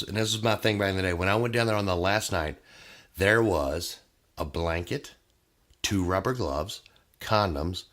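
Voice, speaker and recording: A man hosts a casual podcast chat, his lower voice bright and forward. His pitch swings widely as he tells stories, and he laughs often between lines. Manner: animated, laughing storyteller. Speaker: podcast host.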